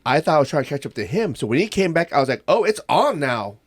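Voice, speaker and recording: A man, an aikido practitioner, chatting casually on a podcast in a relaxed, reflective way. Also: a little high, racing.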